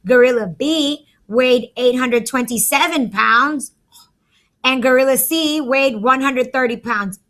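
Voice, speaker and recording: A woman's voice: sits high, unhurried, a bit bright. A woman teacher in a recorded math lesson, chatty and talking through each step aloud to her students.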